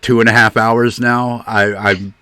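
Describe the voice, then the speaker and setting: A man's voice: mid-range voice, little pitch movement, unhurried, sharp tone, clear, resonant tone. A man from the US South hosting a stream, chatting casually and slipping into playful put-on accents. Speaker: streamer host. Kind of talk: casual chat.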